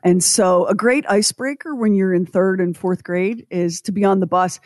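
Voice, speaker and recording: A woman's voice: mid-range voice, normal speed, darkish tone, dry recording, studio quality. A woman co-hosting a radio show, chatting casually and playfully, laughing often.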